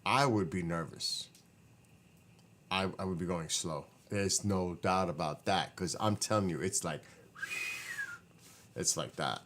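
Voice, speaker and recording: A man's voice: deep voice, a little slow, long pauses, fairly bright tone. A tired man, rambling casually to his livestream viewers from his living room. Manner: rambling, self-correcting, talks to chat. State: tired, voice wearing out. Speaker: livestream host chatting with viewers.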